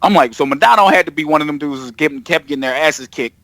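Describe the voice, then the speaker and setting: A man in casual podcast chat, telling a story with lots of swearing and quick impressions of people. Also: fairly high pitch, no echo. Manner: animated, profane storytelling with impressions. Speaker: podcast guest.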